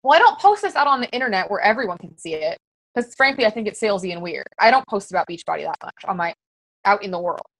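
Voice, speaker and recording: A woman's voice: mid-range voice, sing-song, fast talker, a bit bright, no echo, rough recording. A woman coaching fellow fitness coaches in a casual, very conversational way, full of fillers. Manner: very conversational, chatty with many fillers.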